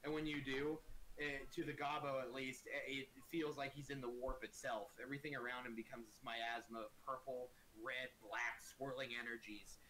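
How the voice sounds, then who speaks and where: A man's voice: medium pitch, level tone, moderate pace, pushed and bright, slight background noise. A man narrating a tabletop game as game master in a playful, dramatic way.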